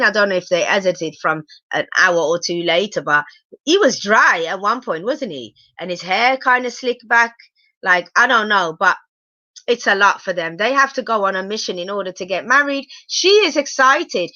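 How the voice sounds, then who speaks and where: A woman's voice: medium pitch, sharp tone, no echo, lo-fi sound. A woman giving a chatty live review of a reality show, exclaiming and asking her viewers questions. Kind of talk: live casual episode review.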